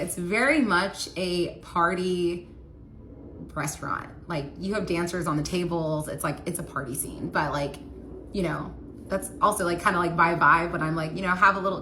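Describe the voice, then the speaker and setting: A young woman recounts her own story in a loose, chatty way, filling her sentences with "like." Her voice sits fairly low, yet it sounds bright and forceful. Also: a little hiss or hum. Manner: casual, heavy use of "like" fillers. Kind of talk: personal storytelling.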